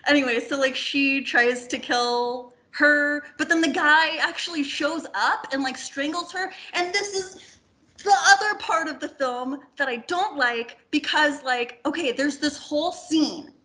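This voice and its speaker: A woman's voice: high-pitched, unhurried. A woman guest on a film podcast, talking casually and rambling with lots of "like" and the odd swear word. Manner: animated, rambling, heavy filler "like", swears casually.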